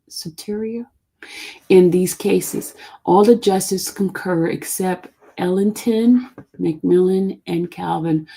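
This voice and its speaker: Hosting a live stream, a woman with a low, creaky, warm, slightly rough voice reads a court document aloud. Legal words trip her up, and she keeps an informal, chatty tone between the read parts.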